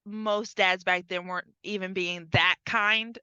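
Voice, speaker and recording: A woman's voice: measured pace, clear, resonant tone, dry recording, lo-fi sound. A woman co-hosting a podcast in casual chat, retelling a film scene by scene and acting out the characters' lines. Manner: animated, acts out characters' lines with big pitch jumps. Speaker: podcast co-host.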